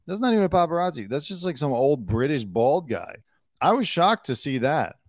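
A man commenting casually on a video clip, chatty and quick. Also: fairly high pitch, sing-song, no echo, clean studio sound.

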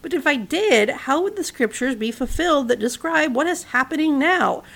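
A woman voicing Jesus, a calm and grave man, in a storybook reading with only a light touch of character. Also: high voice, normal speed, creaky, heavily acted. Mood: solemn.

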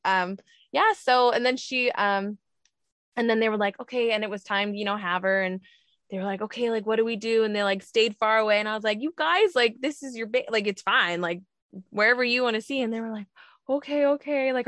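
A woman's voice: mid-range voice, a bit bright, no echo. A woman talking casually about being a surrogate. She laughs often and acts out what other people said. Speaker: surrogate mother telling her story. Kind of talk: casual storytelling chat.

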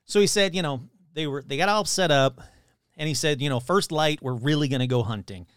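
A man with a slightly high voice talks fairly quickly in a clean tone, recorded dry with clean studio sound. He casually retells a story he heard, animatedly acting out the quoted voices in loose, swearing talk.

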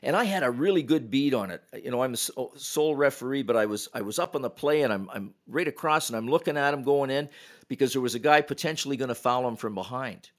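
Older guy, retired ref, telling stories on a podcast, gets loud doing the quotes. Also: mid-range voice, fast talker. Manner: animated anecdotes, acts out quotes with raised voice. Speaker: retired hockey referee, guest. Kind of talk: casual storytelling.

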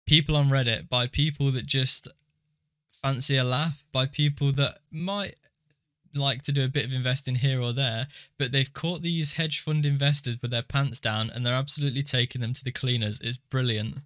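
A young man co-hosts a casual podcast and patiently walks his friend through an idea. His voice is bright and forward. The sound is dry and close, with no room around it. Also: mid-range voice, fairly even intonation, moderate pace, no echo. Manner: explains things step by step. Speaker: podcast co-host.

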